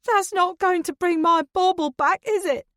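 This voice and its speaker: A woman voicing a theatrical, tearful middle-aged woman in an audiobook, with high, wailing, sobbing outbursts. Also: normal speed, a bit bright, dry recording, clean studio sound. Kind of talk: audiobook character voice.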